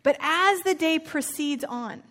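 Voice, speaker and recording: A woman preaching a sermon on a parable, retelling it in a conversational, animated way with casual slang. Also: high voice, unhurried.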